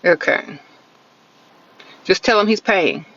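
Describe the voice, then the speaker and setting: A woman's voice: mid-range voice, slow, fairly bright tone, dull audio. A woman giving blunt, sassy dating advice on a live stream from inside her car, often ending her points with a teasing "okay?". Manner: sarcastic, teasing catchphrase "sprinkle, sprinkle". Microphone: phone held close.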